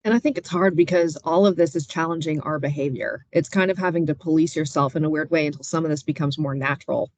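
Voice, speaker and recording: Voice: medium pitch, quick pace, few pauses. A moderator hosting a panel video call who affirms speakers and reads out viewer comments.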